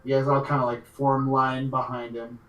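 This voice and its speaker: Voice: mid-range voice, level tone, moderate pace, a bit bright. Casual game master in an echoey room. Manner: casual narration with many fillers. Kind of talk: narrating a tabletop game.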